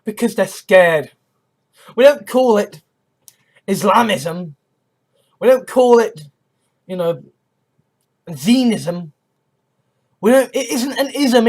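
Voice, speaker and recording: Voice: medium pitch, expressive, slow, long pauses, a little mellow. A speaker with an English accent giving an impassioned spoken rant, swearing freely and checking in with "right?" and "you know?". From England. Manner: heated and profane, often asks "right?" or "you know?".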